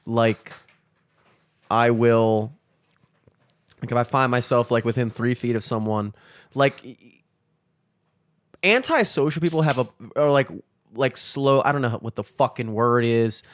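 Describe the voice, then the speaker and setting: A man's voice: medium pitch, a little slow, long pauses, dry recording. A man co-hosting a podcast, rambling through casual chat with lots of fillers and swearing. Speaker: podcast co-host. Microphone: studio mic.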